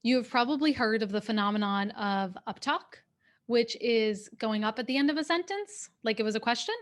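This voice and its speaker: A woman executive coach giving a workshop talk over a video call, speaking in a clear, steady, instructive way. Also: a little high, fairly quick. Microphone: webcam on a video call.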